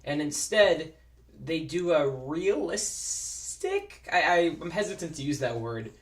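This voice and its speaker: A man's voice: fairly high pitch, very animated, slow pace, echoey room. A man chatting casually as a movie reviewer, jokey and rambling.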